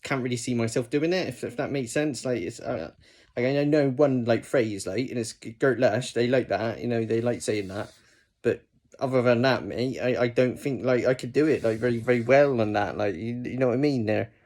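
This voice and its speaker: A man doing a quiet, hesitant Bristol bloke. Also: mid-range voice, moderate pace, natural voice. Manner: soft-spoken, says "like" constantly. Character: mumbling Bristol man, unsure, filler-heavy.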